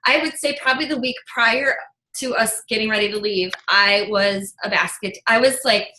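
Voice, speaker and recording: A woman's voice: medium pitch, moderate pace, roomy sound, rough recording. A woman guest on a video-call interview, telling personal stories openly and animatedly. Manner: open, animated storytelling with laughs. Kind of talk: casual interview chat.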